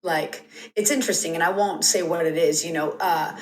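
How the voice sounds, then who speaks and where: A woman's voice: lowish voice, fairly even intonation, brisk, reverberant, low-quality recording. A woman guest on a podcast, telling a reflective story in an earnest, rambling way with plenty of "like" and "you know".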